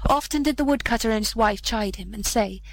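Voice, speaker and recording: Gentle woman reading an old fairy tale. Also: a little high, poor audio. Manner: measured, gentle storytelling with character voices. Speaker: narrator. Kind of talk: storybook reading.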